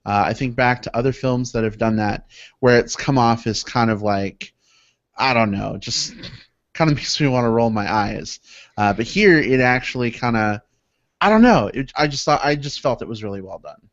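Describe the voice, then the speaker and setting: A man's voice: medium pitch, lively intonation, no echo. A man co-hosting a podcast, chiming in eagerly during casual chat about a film. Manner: eager, quick to chime in. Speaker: podcast co-host. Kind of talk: casual movie review chat. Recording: dry, dull lo-fi podcast audio.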